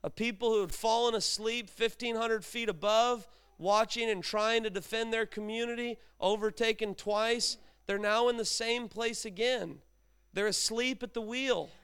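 A middle-aged man preaching in a casual, conversational way. His voice sits high and sounds clean and resonant. He often slips into acted-out dialogue and climbs higher to stress a point. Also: fairly even intonation, normal speed, fairly bright tone, clear, resonant tone. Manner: conversational preaching, acts out dialogue, emphatic rises. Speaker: pastor. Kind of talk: sermon.

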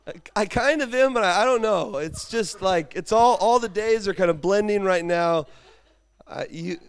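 A pastor gives a conversational sermon in a relaxed, chatty manner, peppered with asides to the congregation. His voice is high, clear, and smooth, and he tells stories as though chatting with friends.

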